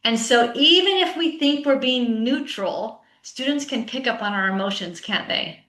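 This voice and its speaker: A woman's voice: a little high, expressive, moderate pace, fairly bright tone. A woman giving a conference talk to teachers as a teacher coach. She speaks conversationally and often checks in with "right?". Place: online session with a chat. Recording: roomy echo.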